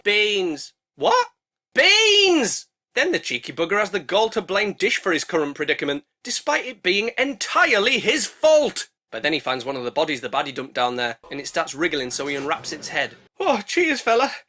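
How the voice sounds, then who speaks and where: An English man narrating a comedic film review, sarcastic and sweary. His voice sits a bit high, with a bright, lively delivery that bounces around. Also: fairly quick, hardly any pauses.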